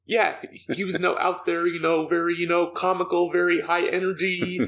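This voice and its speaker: A man co-hosting a podcast in casual chat, halting, with many fillers and repeats. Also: sits high, flat delivery, a bit bright.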